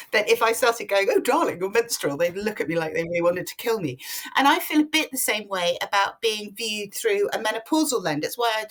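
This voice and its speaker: A woman's voice: medium pitch, a bit bright. A woman in her fifties, a journalist guest on a podcast, speaking in an articulate, emphatic way. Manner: articulate, emphatic, lists ideas in runs. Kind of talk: podcast interview.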